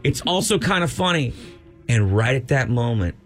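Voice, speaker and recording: Male radio co-host, mid-pitched, animated storyteller who acts out quoted voices, light music underneath. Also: normal speed. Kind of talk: casual storytelling chat.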